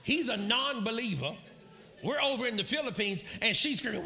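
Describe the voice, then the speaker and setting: A man preaching a sermon, telling a story with animated, shouted quotes and bursts of laughter. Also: extremely high pitch, moderate pace, vocal fry. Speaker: pastor.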